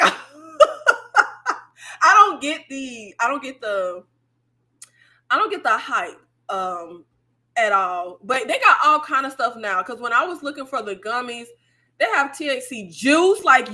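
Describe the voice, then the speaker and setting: A woman hosting a casual chat with her viewers, telling stories in an animated way, laughing and swearing freely. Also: on the high side. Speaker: YouTube host.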